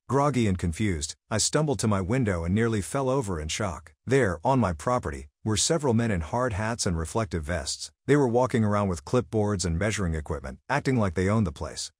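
Husky male narrator with a low but lively delivery, reading a first-person story in a dry, close sound. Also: fairly quick, hardly any pauses, no room sound.

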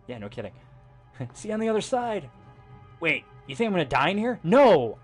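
A young man giving casual gameplay commentary, jokey, swearing a lot and exclaiming loudly. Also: high voice, very animated, normal speed, breathy edge, faint music behind. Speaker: gaming streamer.

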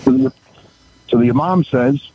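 A man telling crude jokes on a radio show in a dry, deadpan way, chuckling at his own punchlines. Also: on the high side, normal speed, gravelly, lo-fi sound, slight background noise. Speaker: regular phone-in joke teller.

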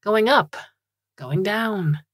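A woman voicing a talking caravan with the rough, gravelly voice of an old male hobo, grumbling and rambling in an audiobook reading. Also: sits low, expressive, normal speed, a bit bright, no room sound, full character voice. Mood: aghast.

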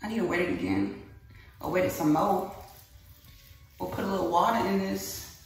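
A woman's voice: fairly low pitch, faint music behind. A young woman, talking casually to viewers about her hair and a little out of breath. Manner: chatty, rushed, addresses viewers as y'all. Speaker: beauty vlogger. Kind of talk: casual hair-care vlog. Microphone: phone camera at a distance. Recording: echoey room, phone mic at a distance.

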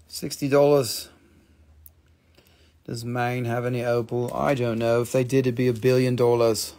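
Gravelly-voiced man, stone-shop seller on a live sale, loose and profane. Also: mid-range voice, level tone, moderate pace, long pauses, dark tone. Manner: casual, profane, enthusiastic about the rocks. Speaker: shop owner selling stones on a livestream. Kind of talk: live sales stream.

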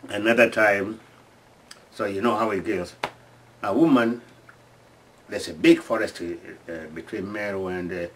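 A man telling stories from home in a halting, restarting way, acting out screams and sounds. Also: lowish voice, far from the mic. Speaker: storyteller. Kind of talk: casual oral storytelling.

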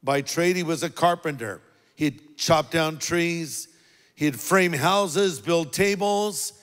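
A man preaching a sermon as a pastor, earnest and deliberate, leaning on key words. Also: a little high, a bit bright, big-room sound.

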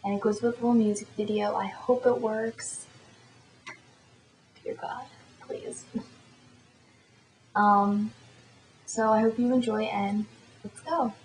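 A woman's voice: on the high side, fairly even intonation, normal speed, warm tone, reverberant, rough recording. A teenage girl vlogger telling a story in a chatty, rambling way. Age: teens. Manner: chatty and rambling, lots of fillers. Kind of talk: casual storytelling to camera.

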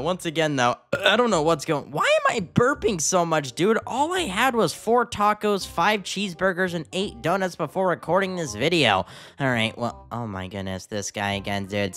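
Excitable young man narrating gameplay. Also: a little high. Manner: excitable, gasping, keeps calling viewers dude. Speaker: gaming YouTuber. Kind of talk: gameplay commentary.

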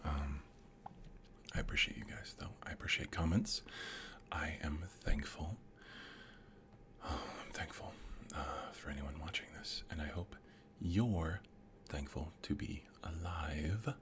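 A middle-aged man murmurs in whispered role-play, his voice deep and unhurried. He drifts from one thought to the next in a soft ramble. A faint hiss sits under the recording. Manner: rambling, softly whispered musing. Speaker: ASMR channel host.

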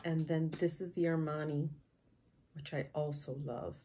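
A woman's voice: low-pitched, fairly even intonation, unhurried, background noise. A woman with a sick, nasal voice, chatting through a makeup tutorial as a beauty vlogger. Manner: chatty, talks through each step.

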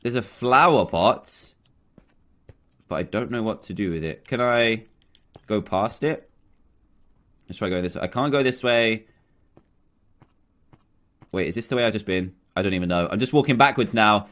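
A man's voice: mid-range voice, animated, moderate pace, long pauses, sharp tone. A man hosting a gaming video, giving jumpy let's-play commentary, exclaiming often and talking to the game's characters.

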